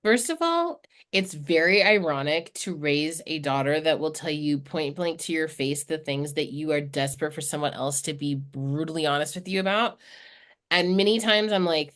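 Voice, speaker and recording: A woman's voice: lowish voice, expressive, moderate pace, a bit bright. A woman in her thirties, a podcast guest talking candidly and swearing freely in casual chat.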